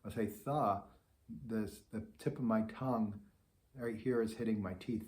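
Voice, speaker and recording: A man's voice: fairly low pitch, fairly even intonation, normal speed, darkish tone. A middle-aged man giving a patient beginner trombone lesson, sounding out articulation syllables. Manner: patient, demonstrates syllables aloud. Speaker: trombone teacher. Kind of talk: instructional lesson.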